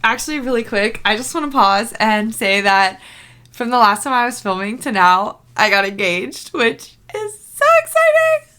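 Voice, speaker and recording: A woman's voice: mid-range voice, normal speed, sharp tone. A young woman chatting in a casual book vlog, bubbly and rambling, full of fillers and laughter. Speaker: book vlogger. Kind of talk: casual reading-reaction vlog.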